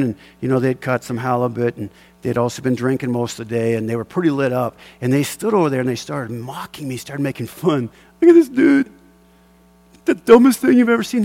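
A man's voice: mid-range voice, creaky. A middle-aged man preaching as a pastor, moving between fervent exhortation and a chuckling personal fishing story. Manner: impassioned preaching with chuckling asides.

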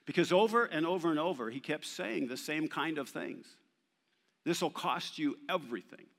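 A male pastor delivering an animated sermon, emphatic and sometimes playful, quoting scripture with rising force. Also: on the high side, moderate pace, gravelly. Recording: long reverb of a large hall.

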